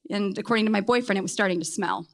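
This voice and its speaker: A woman telling a personal story on stage, wry and self-deprecating, landing deadpan punchlines. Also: medium pitch, racing. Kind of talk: comedic live storytelling.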